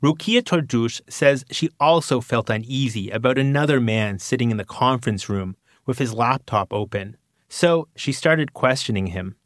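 A male reporter narrating a news story in a measured, scripted way. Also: mid-range voice, no room sound, studio quality.

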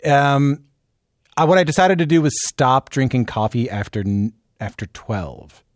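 Lively, joking male interviewer. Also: mid-range voice, no echo, clean studio sound. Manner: self-deprecating, joking, halting. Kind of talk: casual interview chat.

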